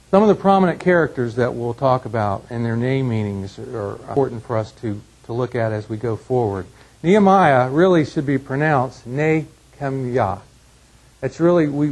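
Husky man teaching a Bible class. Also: mid-range voice, darkish tone, rough recording. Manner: measured, frequent restarts and fillers.

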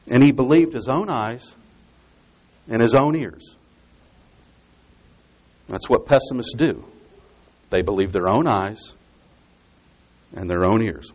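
A male preacher works through a Bible passage in an expository sermon. His voice swings widely in pitch as he stresses and repeats his key points. He explains each detail carefully, step by step. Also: lively intonation, slow, pauses often, a little mellow, slightly rough. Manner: emphatic, repeats key phrases for effect.

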